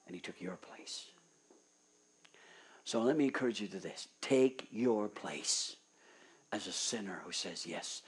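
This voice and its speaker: A man preaching a sermon, moving between hushed, near-whispered pleas and loud, fervent urging. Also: on the low side, lively intonation, measured pace, pauses often, husky.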